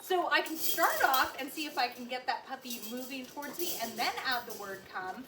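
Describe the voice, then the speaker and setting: A woman dog trainer explaining recall practice outdoors, friendly and explanatory, with bright excited calls to a puppy. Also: sits high, brisk. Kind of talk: instructional demo. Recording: outdoor, distant mic, noisy.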